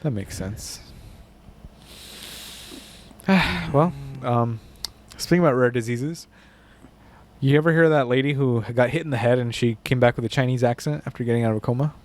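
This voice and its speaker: A man's voice: medium pitch, moderate pace, pauses often, a little mellow. A man co-hosting a podcast in casual chat, joking, crude and laughing often. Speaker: podcast co-host.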